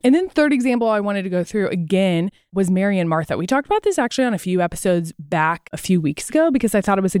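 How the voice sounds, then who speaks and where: A woman's voice: lowish voice, darkish tone, smooth, no echo, studio quality. A woman co-hosting a casual faith podcast, talking earnestly and at length, retelling Bible stories with quoted lines. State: out of breath. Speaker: podcast co-host.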